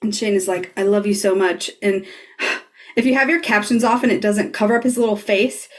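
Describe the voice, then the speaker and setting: A woman's voice: medium pitch, steady tone, normal speed. A woman hosting a podcast, retelling a scene in casual talk, laughing often and swearing freely. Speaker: podcast host.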